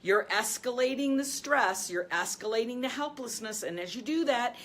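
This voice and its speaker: A female life and business coach hosts this video, teaching with energy, speaking straight to viewers and laughing often. Later she drops into a calm, low voice to lead a breathing exercise. Her pace is moderate, with slight background noise.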